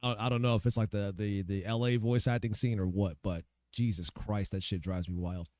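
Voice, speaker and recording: A man's voice: on the low side, fairly even intonation, a little fast, darkish tone, dry recording, studio quality. A man giving casual, profane commentary while playing a game, ranting and talking to himself. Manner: ranting, swears freely, talks to himself while searching. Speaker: gaming video creator.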